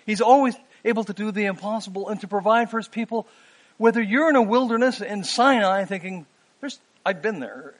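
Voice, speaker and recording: A man in his fifties preaching a sermon, earnest, pausing with "um" and rising for emphasis. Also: high voice, fairly even intonation.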